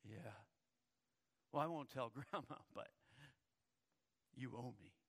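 Man voicing a scheming little girl, smug, hushed, gravelly edge. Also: medium pitch, lively intonation, slow pace, big-room sound, voice pushed down, heavily acted.

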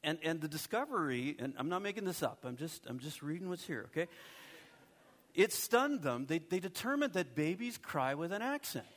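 A middle-aged male pastor preaching a sermon in a conversational way, with asides and quick check-ins to the congregation. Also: on the high side, big pitch swings, fairly bright tone.

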